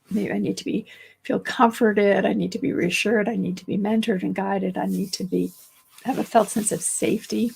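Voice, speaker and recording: A woman therapist giving a casual solo talk, reassuring and thinking aloud, hoarse because she is losing her voice. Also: mid-range voice. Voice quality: gravelly, husky. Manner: warm-hearted, reassuring, thinks aloud with restarts. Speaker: therapist and teacher.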